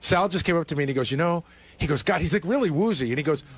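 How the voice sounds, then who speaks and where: Fast-talking man on a radio show. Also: a little high, animated, breathy edge. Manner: defensive, protesting. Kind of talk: casual radio banter.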